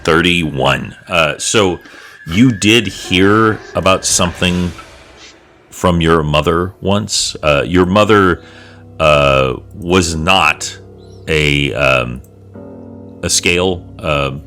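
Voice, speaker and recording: Slow, deep-voiced dungeon master. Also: male voice, bright, forceful tone, soft background music. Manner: rambling, filler-laden narration. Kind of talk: narrating a tabletop game.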